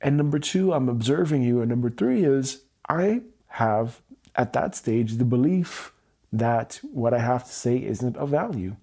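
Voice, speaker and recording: Gravelly, dark-voiced man reflecting candidly. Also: mid-range voice, animated. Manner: slow, candid, searching self-reflection. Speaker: EFT tapping livestream host. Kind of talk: personal reflective livestream talk. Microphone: livestream mic.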